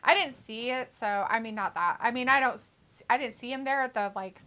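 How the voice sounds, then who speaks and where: A woman's voice: a little high, brisk, sharp tone. A woman co-hosting a wrestling watch-along live stream in casual chat, reading viewer comments aloud and reacting to them. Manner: chatty, reads chat messages then reacts.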